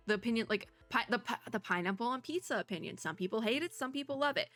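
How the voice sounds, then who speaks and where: A woman's voice: fairly high pitch, sharp tone. A woman streaming a game, chatting casually with lots of fillers and giggles. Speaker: VTuber streamer. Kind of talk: casual gameplay commentary.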